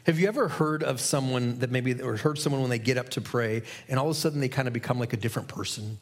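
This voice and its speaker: Middle-aged guy preaching, kinda husky, talks to the room like a chat, lots of "right?". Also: fairly high pitch, fairly quick. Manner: earnest, conversational preaching with rhetorical questions. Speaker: pastor. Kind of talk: sermon.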